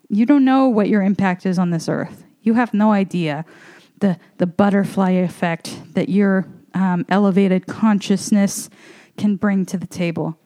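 A woman's voice: mid-range voice, unhurried, dark tone. A woman, a comedian, talking in a loose, rambling way with lots of fillers and the odd swear word, a little out of breath as she walks around her apartment. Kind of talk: casual spoken monologue.

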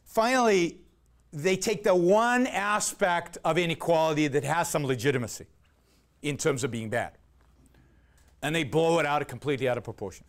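A man's voice: a little high, normal speed. A man giving an argumentative lecture, emphatic and sarcastic, peppering his points with rhetorical questions and "right?".

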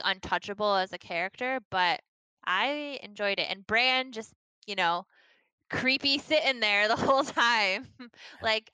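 A woman chats casually about a TV episode in a bright, sharp-edged voice. Her tone is smooth and crisp and sits at a middle pitch. The sound is dry and close with no room around it. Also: no echo, low-quality recording. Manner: casual, giggly, uses "like" often. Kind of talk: casual TV recap chat.

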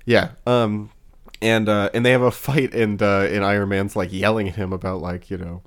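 A man's voice: lowish voice, little pitch movement, normal speed. A man co-hosting a podcast, rambling in casual chat with many fillers and wry laughs. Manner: rambling, lots of fillers and restarts. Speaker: podcast co-host.

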